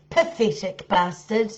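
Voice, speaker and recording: A woman's voice: a little high, a bit bright, dull audio. A woman telling a crude story on a live stream, bluntly and with lots of swearing, often laughing at herself. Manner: blunt and heavily profane.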